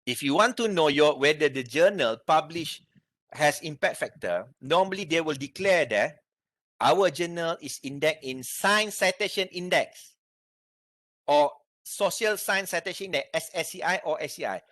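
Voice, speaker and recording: A man with a Malaysian English accent gives a university lecture and walks the students through each point. His slightly high voice rises and falls in a lively way. The recording is dry, with very little room sound. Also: moderate pace, dry recording. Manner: explains step by step, asks the class if they have questions. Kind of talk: university lecture on research methods.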